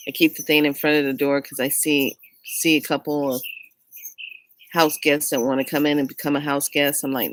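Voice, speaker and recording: Low-voiced woman telling a story. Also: low-quality recording. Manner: animated, laughing often, acts out quotes. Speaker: vlogger. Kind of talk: casual storytelling vlog.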